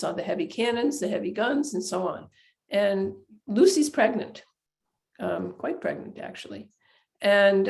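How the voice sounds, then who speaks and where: Chatty woman author with a gravelly voice. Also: mid-range voice. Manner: chatty, animated, many fillers and restarts, laughs at her own anecdotes. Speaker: author giving a book talk. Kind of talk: informal storytelling lecture. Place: lecture hall.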